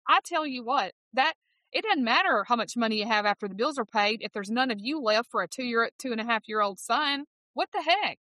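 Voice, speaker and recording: A woman with a Southern accent and a bright, ringing voice, talking with high energy and lots of emphasis. She sounds fifty-ish and conducts an interview. The sound is dry and close. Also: no echo. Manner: exuberant, emphatic, quick to laugh. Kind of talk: enthusiastic interview chat.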